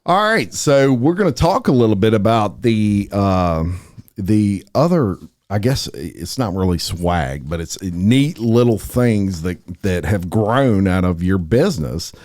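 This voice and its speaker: Middle-aged host, animated folksy storyteller, dry close sound. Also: male voice, on the low side, a little slow, no room sound. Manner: folksy storyteller, lively and laughing. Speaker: podcast host. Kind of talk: casual interview chat.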